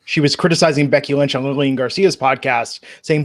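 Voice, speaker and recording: A man's voice: mid-range voice, steady tone, a little fast. A man co-hosting a podcast, recapping events and asking the panel questions in casual chat. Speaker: podcast co-host.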